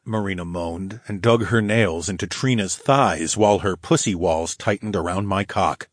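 A man narrating a fantasy audiobook in the first person, with a steady, low growling delivery. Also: normal speed, no room sound, studio quality.

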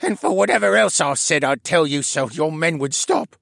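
A gravelly, husky bird-creature prisoner, put on by a male audiobook narrator, swinging from sneers to stammering pleas. The voice sits high and swoops widely. The sound is dry and close, with no room. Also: very animated, moderate pace, fairly bright tone, no room sound, heavily acted. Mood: desperate. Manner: sneering, then pleading and stammering. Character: battered male bird demi-human prisoner, bitter and desperate. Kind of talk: audiobook character voice.

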